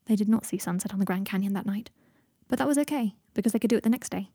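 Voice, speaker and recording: A woman reading a fan fiction audiobook in a calm, even storytelling manner. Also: medium pitch, rapid-fire, husky, no room sound, clean studio sound. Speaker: audiobook narrator.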